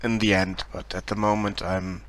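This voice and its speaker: On a live stream, a German man talks casually about the game he's making, his accented speech halting with frequent ums, restarts and shy laughter. He has a low voice, a flat delivery and a fairly bright tone.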